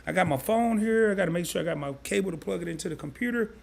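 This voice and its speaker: A man's voice: high-pitched, rapid-fire, vocal fry. A man hosting a live stream, casually breaking things down step by step and often repeating himself. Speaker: crypto live stream host. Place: home setup, sharing his screen.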